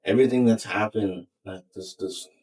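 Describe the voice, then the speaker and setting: Low husky man, casual chat. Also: normal speed, darkish tone, low-quality recording. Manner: rambling, swears freely, many fillers and restarts. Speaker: podcast co-host.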